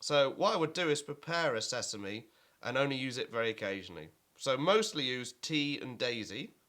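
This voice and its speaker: A man's voice: mid-range voice, expressive, moderate pace. A man teaching an online keyboard lesson, explaining at an easy pace with fillers and now and then chanting rhythm words over his playing.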